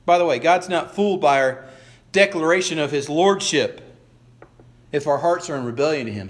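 High-voiced man preaching a sermon. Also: moderate pace. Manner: conversational preaching with repeated restarts; acts out quoted lines in voices. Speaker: pastor.

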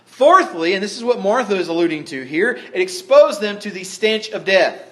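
A man's voice: high-pitched, sing-song, moderate pace, bright, forceful tone. A middle-aged man preaching a sermon in a conversational way, with dry humorous asides. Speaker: pastor.

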